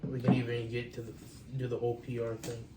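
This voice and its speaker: Man, podcast co-host, monotone, far from the mic in a roomy space, noisy. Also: medium pitch. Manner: halting, frequent "um" restarts. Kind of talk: casual chat. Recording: roomy, distant mic with clear background noise.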